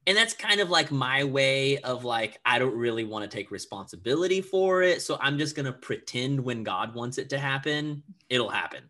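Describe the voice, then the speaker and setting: A man in his thirties talking casually on a podcast, animated and full of filler words, acting out little quotes. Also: mid-range voice, normal speed, few pauses. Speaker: podcast guest.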